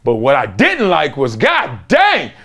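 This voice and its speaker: A man's voice: on the high side, huge pitch swings, unhurried, pushed and bright. A middle-aged man, a former football player, hosting a sports talk show in an emphatic storytelling monologue, acting out the voices of people in his stories. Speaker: host, former NFL player.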